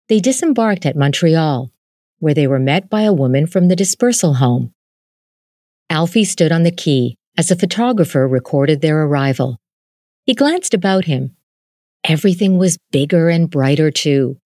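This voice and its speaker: Woman with a low voice reading a story aloud, calm and measured, dry close sound. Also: dry recording. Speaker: narrator. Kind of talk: scripted storybook narration.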